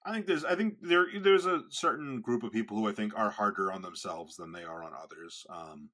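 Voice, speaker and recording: Male co-host, low-pitched, crisp bright timbre, loose rambling delivery. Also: brisk. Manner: rambling, restarts his sentences often. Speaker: podcast co-host. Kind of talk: casual chat.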